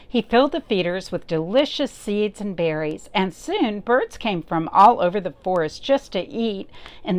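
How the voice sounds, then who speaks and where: A woman librarian reading a picture book aloud to children, pausing often to point things out and ask them questions. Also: mid-range voice. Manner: slow, expressive, pausing to talk to young listeners.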